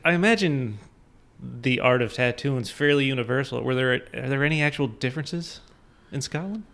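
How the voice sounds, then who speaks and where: A man's voice: mid-range voice, normal speed, fairly bright tone. A man hosting a casual interview, asking short questions and laughing along. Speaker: interview host.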